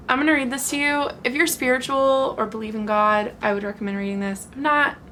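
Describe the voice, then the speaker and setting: A young woman in her twenties talking casually and frankly to the camera at home, animated and laughing often. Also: sits high, moderate pace, a little hiss or hum. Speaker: vlogger.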